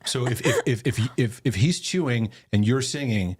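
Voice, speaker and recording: A man's voice: medium pitch, lively intonation, moderate pace, breathy edge. A middle-aged man hosting a casual family chat, often stopping to restart and repeat his words. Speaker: host.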